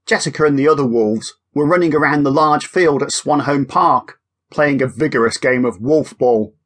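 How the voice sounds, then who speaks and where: A man narrates a children's storybook with lively expression. His voice sits at a middle pitch. He changes pace to build suspense. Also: moderate pace. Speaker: audiobook narrator and author.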